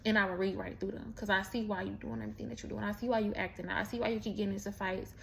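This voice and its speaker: A woman's voice: medium pitch, fairly even intonation, very fast, vocal fry, slight background noise. A woman telling a personal story in a candid, profane, rambling way, full of restarts and asides. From Mexican heritage. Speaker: vlogger. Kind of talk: casual storytelling monologue.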